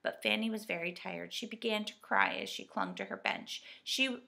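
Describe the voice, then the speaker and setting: A woman reading a children's storybook aloud in a lively, expressive way. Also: medium pitch, normal speed, vocal fry. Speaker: reader. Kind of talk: storybook narration.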